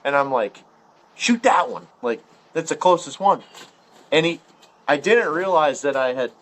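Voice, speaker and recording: An animated Ohio man with a somewhat higher voice, appearing as a podcast guest, tells a long, rambling hunting story in casual conversation at normal speed. His delivery is loose, profane and packed with filler words, and his pitch jumps up each time he acts out someone's lines.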